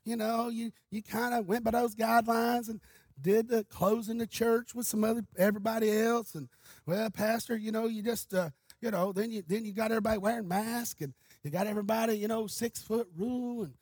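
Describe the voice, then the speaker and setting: A man's voice: high voice, fairly even intonation, brisk, a little mellow, no room sound. Man doing a hesitant, fussy churchgoer. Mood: complaining. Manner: hesitant, full of fillers.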